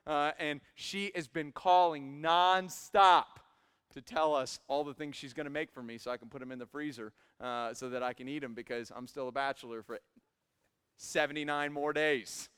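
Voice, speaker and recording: A young man in his twenties preaching a sermon in a church, swinging from quiet asides to loud emphatic peaks. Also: medium pitch, steady tone, fairly quick, smooth. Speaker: pastor. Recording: hall reverb.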